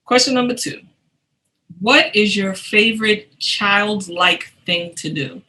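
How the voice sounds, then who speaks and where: A woman hosts a casual podcast chat, animated and laughing, often stopping and restarting mid-sentence. Her voice is strikingly bright and sharp, sitting at an average pitch. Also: takes it slowly, poor audio. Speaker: podcast host.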